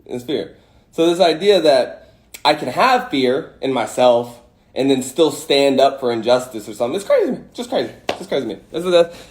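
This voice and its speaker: A man hosting a casual livestream, talking into a phone with emphatic rhetorical questions and blunt swearing. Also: mid-range voice. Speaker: host of an Instagram live. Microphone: phone mic.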